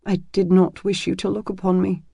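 Man voicing a hushed, tearful young woman warrior. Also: high-pitched, monotone, a little fast, creaky, husky, dry recording, clean studio sound, voice pushed up, heavily acted. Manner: hushed, tremulous. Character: frightened young woman warrior, shy and tender.

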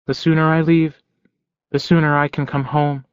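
A male narrator voicing an earnest young man who speaks softly and pleadingly. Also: a little high, level tone, normal speed, smooth, no room sound, pitched above the performer's own voice, close to an everyday voice. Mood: tender. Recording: dull, dry lo-fi recording.

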